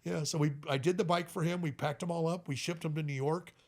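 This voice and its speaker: A middle-aged man, a custom motorcycle builder, telling animated stories as a podcast guest and often laughing between them. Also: on the high side, fast talker. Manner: animated, tells stories with quoted voices and frequent laughs. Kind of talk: casual storytelling in a podcast interview.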